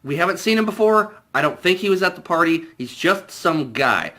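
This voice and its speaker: A young man casually reviewing a movie, animated and jokey, putting on voices for the characters. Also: high-pitched, moderate pace.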